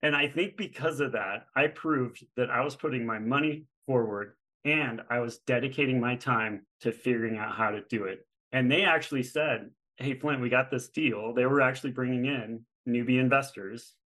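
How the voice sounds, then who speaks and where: A middle-aged man speaks as a podcast guest, telling his story in a casual, animated way. His voice sits at an ordinary middle pitch, and he acts out the voices of the people he quotes as he goes. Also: moderate pace, few pauses, low-quality recording. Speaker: guest, real estate fund manager.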